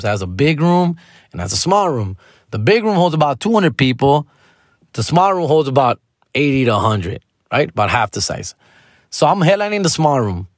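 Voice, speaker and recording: A man's voice: a little high, no room sound, studio quality. A male stand-up comedian telling a story casually, full of slang and swearing. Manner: slangy and profane, calls listeners "fool" and "dog".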